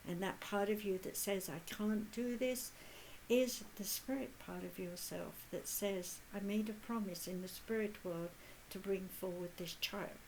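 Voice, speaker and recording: A woman in her eighties speaking as a spiritual medium in a channeled talk. She is earnest and measured, with long pauses. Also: mid-range voice, fairly even intonation, a little mellow, a little hiss or hum, low-quality recording. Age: 80s.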